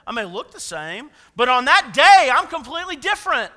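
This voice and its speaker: A man preaching a sermon as pastor, swinging between loud emphatic lines and soft, quiet asides. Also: very high-pitched, very animated, a little fast, big-room sound.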